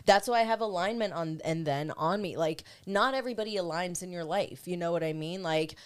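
A woman's voice: on the low side, fairly quick, smooth. A woman in casual podcast chat, talking candidly and earnestly about self-growth, swearing freely.

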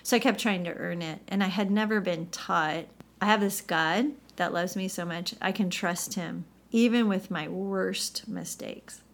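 A woman guest on a faith podcast, candidly telling her story with lively, acted-out quotes. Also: lowish voice, a little slow, vocal fry. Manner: animated storytelling, acts out quoted voices.

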